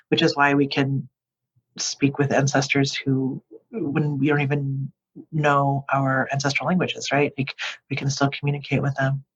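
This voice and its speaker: A podcast host asking questions and reflecting thoughtfully, often pausing to search for words. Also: medium pitch. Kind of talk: interview conversation. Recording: muffled lo-fi audio.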